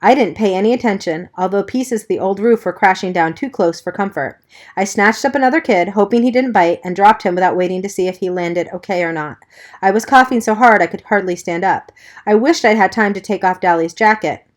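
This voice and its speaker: A woman narrating a first-person novel aloud in a steady, plain reading voice. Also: mid-range voice, fairly quick. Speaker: audiobook reader.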